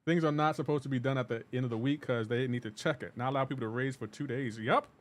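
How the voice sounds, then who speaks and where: A man's voice: mid-range voice, fast, no echo. Exasperated streamer man, dry close sound. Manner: exasperated ranting, repeats himself. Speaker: game streamer. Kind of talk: live-stream commentary reading chat.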